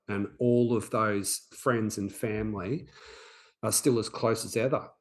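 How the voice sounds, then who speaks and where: Podcast host in his forties, mid-pitched voice, earnest storyteller who often restarts his sentences. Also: a little mellow. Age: 40s. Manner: earnest, reflective, frequent restarts. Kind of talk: personal storytelling.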